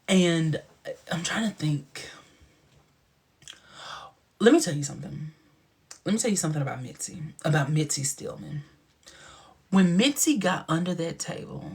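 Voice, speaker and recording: Hosting a casual livestream, a man gossips sassily in a fairly high, creaky voice at a measured pace, pausing often. He keeps slipping suddenly into a whisper, and the sound is slightly rough.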